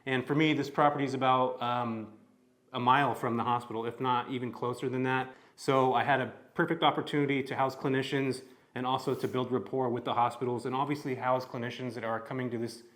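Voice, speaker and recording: A man's voice: mid-range voice, level tone, a little fast, a bit bright. A young man from California talking casually and upbeat to camera about his rental property. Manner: upbeat, chatty, conversational. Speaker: real estate vlogger.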